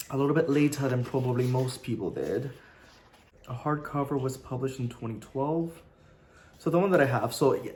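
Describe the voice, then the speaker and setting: A chatty man reviewing a book on his own channel in a loose, joking vlog style. He rambles, tosses in asides and keeps the tone playful throughout, with a voice that sits in an ordinary middle pitch. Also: slight background noise. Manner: rambling with frequent likes and asides.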